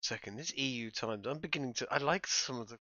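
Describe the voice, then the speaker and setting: A man's voice: medium pitch, quick pace, sharp tone, no room sound, lo-fi sound. A man hosting a podcast, chatting casually in a rambling, stop-start way full of restarts. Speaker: podcast host. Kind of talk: casual chat.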